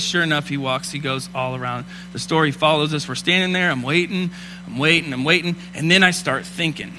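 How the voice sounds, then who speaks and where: A man in his thirties preaching a sermon, telling personal stories and rising from hushed asides to loud, fervent preaching. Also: on the high side, expressive, fast, noisy background. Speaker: pastor.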